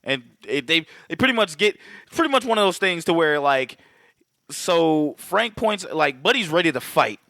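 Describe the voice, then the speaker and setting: A man's voice: a little high, moderate pace, dry recording. A man co-hosting a podcast, chatting casually and profanely about a film and acting out its lines. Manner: profane, animated, acts out movie quotes. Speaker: podcast co-host. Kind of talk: casual film recap chat.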